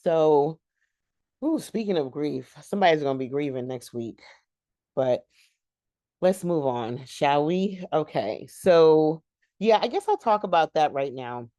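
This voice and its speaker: Low-voiced woman rambling through a TV recap. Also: expressive, unhurried, dark tone, no room sound, studio quality. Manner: chatty, addresses viewers as y'all; long-winded and rambling. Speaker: TV show recap host.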